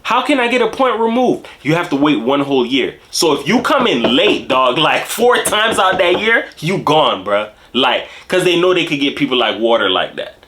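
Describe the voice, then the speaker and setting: A man from Jamaica telling a casual story in slangy, animated, streetwise talk. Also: a little high, moderate pace, few pauses. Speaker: host.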